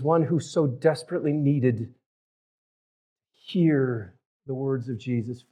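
A male pastor preaching, his voice rising loud on key phrases and dropping to a hush on tender ones. His pitch sits mid-range. He talks in a storytelling way and drifts off the mic now and then. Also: measured pace, breathy edge. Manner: storytelling with big swings from loud to hushed. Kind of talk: sermon.

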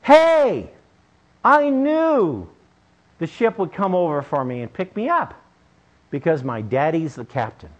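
A male preacher voicing an excited little boy of five or six who yells eagerly. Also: fairly high pitch, unhurried, long pauses, slight background noise. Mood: triumphant. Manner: yelling, eager.

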